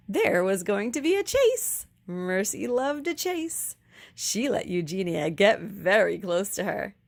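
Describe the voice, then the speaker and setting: A woman teacher reading a children's book aloud, pausing to explain words for young kids. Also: mid-range voice, vocal fry.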